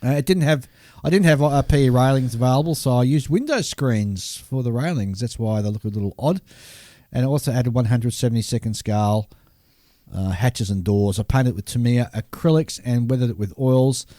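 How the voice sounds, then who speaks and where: Aussie bloke chatting on a hobby podcast, rambly, lots of ums, dry close mic. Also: male voice, medium pitch, brisk, warm tone, dry recording. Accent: Australian. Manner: rambling with fillers and laughs. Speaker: podcast co-host reading listener mail. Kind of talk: casual chat.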